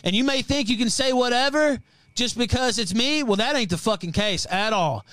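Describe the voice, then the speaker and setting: A man with a strikingly high voice hosts a livestream and rants in fury, swearing and threatening constantly. His voice sits close and dry, with no room around it. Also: moderate pace, dry recording. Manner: profane, threatening, heated and loud. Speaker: livestream host. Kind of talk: angry livestream rant.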